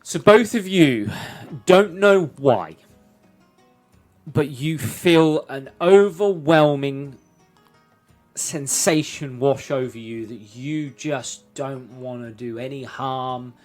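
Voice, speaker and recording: Male game master narrating a tabletop scene at an even pitch, faint music underneath. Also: takes it slowly.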